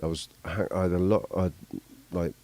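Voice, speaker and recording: A man chatting casually as a podcast host, rambling and halting and swearing now and then. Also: low voice, fairly even intonation, noisy background. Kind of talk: casual chat.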